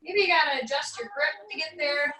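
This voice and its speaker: An American woman, a fitness instructor, calmly guiding a barre stretching class with encouraging cues and light jokes. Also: high voice, brisk, reverberant, recorded from a distance, low-quality recording.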